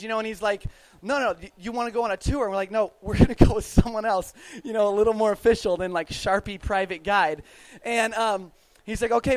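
A young man with a high voice tells a travel story to a live audience. He talks casually, stumbles through restarts and "like"s, and stays animated throughout. The sound is close and dry, with no room echo. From United States. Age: young adult.

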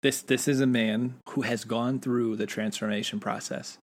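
A man's voice: medium pitch, fairly even intonation, moderate pace. A man co-hosting a casual podcast, musing enthusiastically and thinking aloud. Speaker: podcast co-host. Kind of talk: casual book-discussion podcast.

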